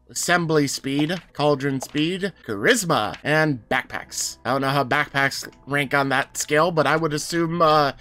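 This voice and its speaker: Bright, cheeky guy for casual gameplay commentary, swears, jokes. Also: fairly high pitch. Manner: playful, swears, laughs at the game. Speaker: gaming video host. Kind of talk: casual let's-play commentary.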